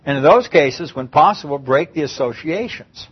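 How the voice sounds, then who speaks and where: A man's voice: a little high, lively intonation, moderate pace, breathy edge, lo-fi sound. A man preaching a conversational Bible-teaching sermon, often repeating and restarting his phrases.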